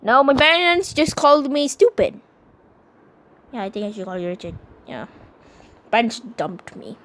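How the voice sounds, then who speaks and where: A woman voicing a gloomy young male talking cat in a plush puppet movie, mumbling in a low, flat voice. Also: moderate pace, lightly acted. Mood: glum.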